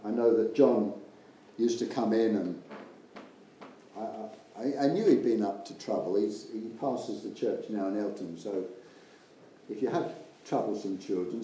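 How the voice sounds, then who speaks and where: An older man preaches an earnest, rambling sermon, his voice mellow and dark in tone. His pitch rises and falls in a lively way. The recording is very echoey, with faint ambient noise of the church hall behind him. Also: a little slow, long pauses. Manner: earnest, rambling, with many restarts and asides.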